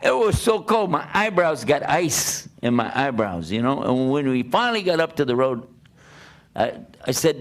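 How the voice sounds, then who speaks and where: An older man preaching through a personal story, animated, laughing and acting out the dialogue. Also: mid-range voice, moderate pace. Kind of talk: storytelling talk.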